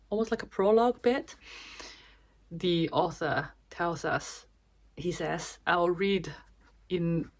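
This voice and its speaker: A woman vlogger giving a chatty, casual summary of a book, with restarts and small laughs. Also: fairly low pitch.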